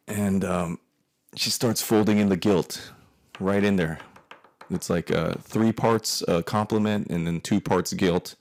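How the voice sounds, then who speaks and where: A man's voice: deep voice, fairly even intonation, a little slow, creaky. A man in his forties telling a profane, rambling comic story about his family, with frequent restarts. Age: 40s. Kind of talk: comedic personal storytelling.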